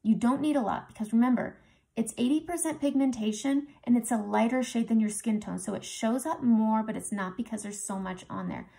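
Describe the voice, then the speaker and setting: A woman narrates a makeup tutorial in a casual, chatty way, walking through every step as she works. Her voice carries a gravelly, creaky texture. She sits close to the mic and sounds relaxed and conversational. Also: on the high side, brisk. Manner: chatty, talks through each step while applying makeup.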